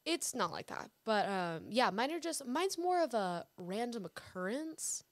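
A woman's voice: fairly high pitch, sing-song, no echo. A woman of twenty-one, a guest actress, chatting and teasing playfully on a podcast. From Houston, Texas. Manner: playful, teasing, quick to joke. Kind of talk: casual podcast chat. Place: host's apartment.

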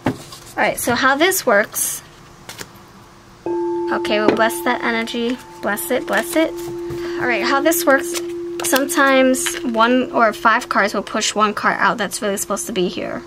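A woman giving a casual, chatty tarot card reading, animated and talkative. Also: a little high, measured pace, noisy background. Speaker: tarot reader.

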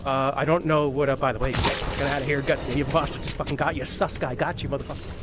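A man's voice: mid-range voice, steady tone, quick pace, over music. A man in a multiplayer game accusing others and swearing freely. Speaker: guest player. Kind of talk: casual gaming banter.

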